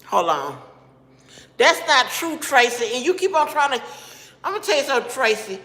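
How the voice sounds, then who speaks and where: A woman's voice: high-pitched, big pitch swings, moderate pace, pushed and bright. A woman hosting a casual live stream, talking straight to her viewers and bluntly scolding the commenters. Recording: echoey room with long reverb.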